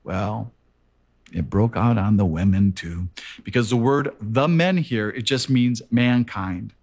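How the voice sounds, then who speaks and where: A man preaching a sermon in an earnest, measured way, repeating words for emphasis. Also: fairly low pitch, a little mellow.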